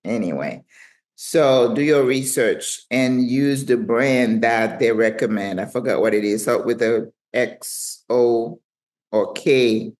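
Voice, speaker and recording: Her voice rumbles low and a little mellow, and she takes her time. She is a retirement travel vlogger in her sixties with a French accent, recounting a journey to camera from her living room in a chatty, self-mocking manner.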